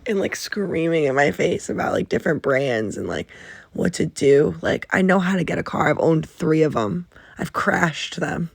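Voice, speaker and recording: A woman hosting her own podcast, telling stories in a rambling, animated way with frequent swearing, talking from under a blanket. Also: deep voice, moderate pace, vocal fry, slightly rough, dry recording. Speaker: podcast host. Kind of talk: casual storytelling.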